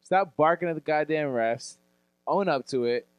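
A man's voice: a little high, moderate pace, smooth, dry recording. Swearing, ranting co-host, man. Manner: loud, swearing rants and laughter. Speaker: fantasy football podcast co-host. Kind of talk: profane casual sports chat.

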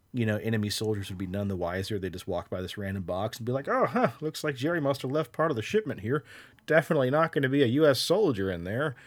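A man's voice: fairly low pitch, a little mellow, no echo. A man co-hosting a podcast, reading out chat messages and telling stories with a laugh. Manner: laughing, storytelling, reads chat. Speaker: podcast co-host. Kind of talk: casual podcast storytelling.

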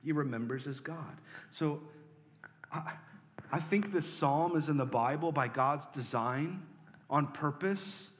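Male pastor, earnest sermon delivery, slightly high voice, big reverberant hall, swings from pleading to hushed. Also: takes it slowly. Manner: earnest, swings between loud pleading and soft hushed lines.

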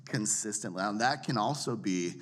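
Casual male speaking coach, lowish voice, animated, swings his pitch to demonstrate. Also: normal speed. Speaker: preaching coach. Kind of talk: casual teaching chat.

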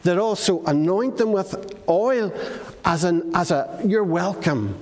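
High-voiced man in a hall. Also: measured pace, a little mellow. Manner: storytelling, asks the children questions. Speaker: children's talk leader. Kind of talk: children's talk in church. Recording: reverberant hall.

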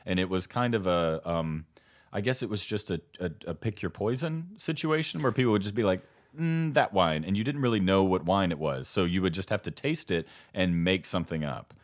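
A young man with a very deep voice chats casually on a podcast. He rambles through stories and often laughs. His sentences often trail off before he finishes them. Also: fairly quick. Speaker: podcast co-host.

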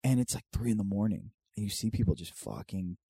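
A man's voice: on the low side, fairly quick, gravelly, breathy edge, dry recording. A man in casual chat, telling neighborhood stories with lots of swearing and acted-out quotes. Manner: profane, animated storyteller acting out quoted voices.

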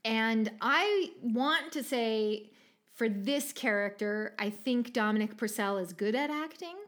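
Chatty woman with a fairly high voice. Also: slow, a bit bright. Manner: chatty, many filler "like"s, laughs often. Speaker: podcast co-host recapping a TV episode. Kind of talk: casual chat.

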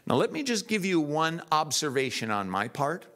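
A man preaching a sermon in church, telling stories in a lively, animated way. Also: a little high, moderate pace.

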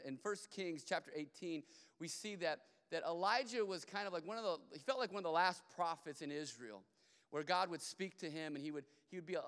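A man's voice: on the high side, a bit bright, smooth. A man preaching a sermon as pastor, telling a Bible story in a casual way with playful asides, recorded in a church sanctuary. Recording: long church hall reverb.

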